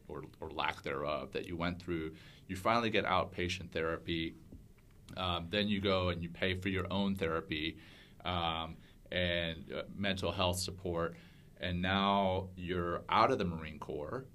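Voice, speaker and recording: A man's voice: low voice, a bit bright, a little hiss or hum. A man hosting a mental health podcast, asking long, rambling questions full of fillers. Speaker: podcast host. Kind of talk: casual interview questions.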